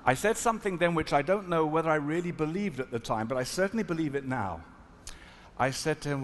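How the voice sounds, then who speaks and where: A man from South Africa, a rabbi, telling a story at a panel in an earnest, reflective, halting manner. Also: a little high, lively intonation. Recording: echoey hall, faint noise.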